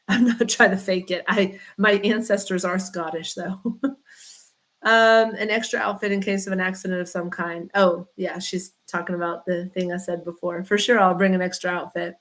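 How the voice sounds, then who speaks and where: A woman's voice: lowish voice, fairly even intonation, moderate pace, fairly bright tone. A woman, a chiropractor chatting casually on a livestream, rambling and greeting viewers by name. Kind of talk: casual livestream chat reading comments.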